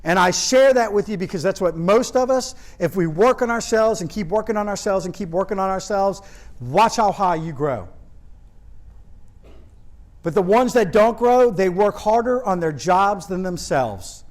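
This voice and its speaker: A man with a notably high voice delivers a motivational keynote to a live audience. He tells stories, speaks directly to the crowd and drives points home by repeating phrases. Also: expressive, moderate pace, rough recording. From Louisiana, US. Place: stage before a live audience.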